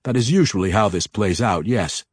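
A man voicing a steady, stubborn male elf weapon master in a calm, firm way. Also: lowish voice, normal speed, slightly rough, no echo, studio quality.

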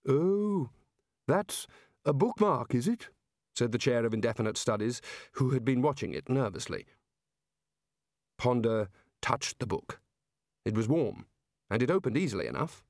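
A man narrating a comic fantasy audiobook in a measured, deadpan way. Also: medium pitch, creaky, no echo, clean studio sound.

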